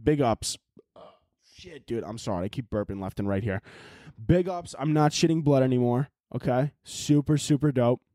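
A man's voice: mid-range voice, moderate pace, mellow, no echo, clean studio sound. A young man hosting a solo podcast, ranting in an exasperated, rambling, profane way. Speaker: podcast host. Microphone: laptop and camera audio.

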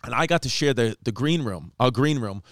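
Male comic host, smooth resonant voice, dry close sound, animated raconteur. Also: mid-range voice, fairly quick, no room sound. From New York. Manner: animated storyteller, acts out quotes. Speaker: comedian podcast host. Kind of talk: casual storytelling chat.

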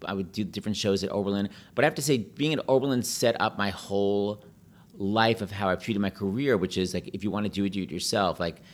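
A quick-talking middle-aged man with a fairly low voice, chatting casually. He tells his stories with lots of energy and jumps up into high, put-on voices to quote people. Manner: talks fast, breaks into high put-on voices when quoting people. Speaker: podcast guest, pianist and Broadway host. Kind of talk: casual chat, animated storytelling.

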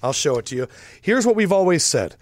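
A man co-hosting a sports podcast, steering the casual chat with quick questions and numbers. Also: high-pitched, sing-song. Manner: leads the talk with quick questions. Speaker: podcast co-host.

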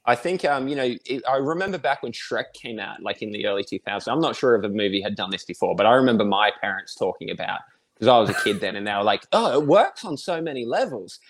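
A man's voice: fairly low pitch, quick pace, fairly bright tone. An Australian man, a guest in a casual interview, talking in a rambling, friendly way and chuckling often.

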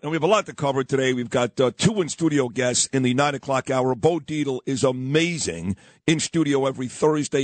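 Animated husky-voiced male radio host. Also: medium pitch, dry recording. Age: 50s. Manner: animated storytelling with voiced quotes. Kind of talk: morning radio chat.

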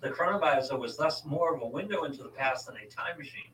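A man's voice: on the high side, quick pace, reverberant, recorded from a distance, a crowd in the background, poor audio. A man co-hosting a casual podcast, reading a story from notes with offhand asides and self-corrections.

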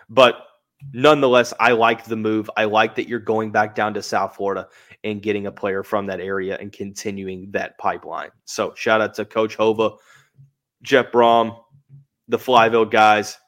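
A man's voice: lowish voice, a bit bright. A man hosting a live sports podcast, giving analysis in a conversational way and thinking aloud with hedges. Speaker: podcast host.

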